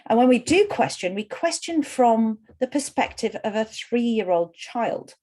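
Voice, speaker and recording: A woman's voice: fairly high pitch, expressive, unhurried, a little mellow. A middle-aged woman coach leading an online workshop. She explains earnestly and often talks in repeated lists.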